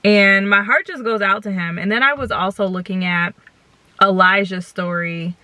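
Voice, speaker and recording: A woman's voice: mid-range voice, normal speed, bright, forceful tone, no room sound. A young woman vlogger talking earnestly and directly to her viewers, recording from a parked car. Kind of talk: casual chat to camera.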